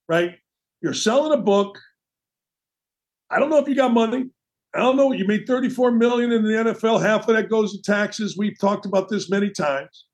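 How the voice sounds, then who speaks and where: A man hosting a sports talk show, delivering a brash, opinionated monologue with mocking asides. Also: high voice. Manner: brash, animated, mocking asides and quoted voices.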